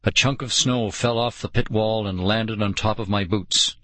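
A man narrating an audiobook in a slow, dramatic storytelling manner. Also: fairly low pitch, fairly even intonation, a bit bright, dry recording.

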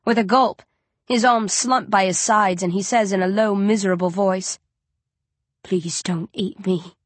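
A woman narrating a first-person story for an audiobook in a measured, tense storytelling voice. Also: medium pitch, fairly even intonation, no echo.

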